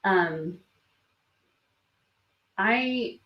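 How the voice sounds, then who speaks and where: A woman hosting a live stream, reading viewer comments aloud in a soft, hesitant way while fighting back tears. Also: mid-range voice, animated, very slow, highs cut off. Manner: soft, hesitant, many ums and restarts. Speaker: beauty vlog host. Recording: roomy sound from a distance from the mic.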